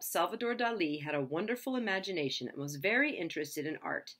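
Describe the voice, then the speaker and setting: Lively woman reading a children's book. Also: on the low side, fast. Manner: lively, expressive storytelling. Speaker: reader.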